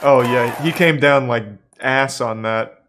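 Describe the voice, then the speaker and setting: A man in his thirties giving casual, sarcastic commentary on video clips, with deadpan asides and sudden excited shouts. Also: medium pitch, slow pace, some chatter behind, slight background noise.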